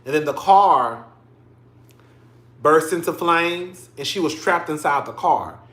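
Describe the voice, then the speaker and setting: A man's voice: a little high, lively intonation, slow, a bit bright, echoey room. A man in his thirties hosting casual livestream commentary, chatty and emotional, calling his listeners "girl" and "y'all". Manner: emotional, tearing up on stream.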